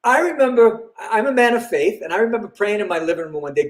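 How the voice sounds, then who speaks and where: A man's voice: sits high, fast talker, reverberant. An older man with a Boston accent, a comedian telling stories with lots of laughter and character voices. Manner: lively, laughs often, slips into character voices. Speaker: comedian guest. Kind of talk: animated storytelling.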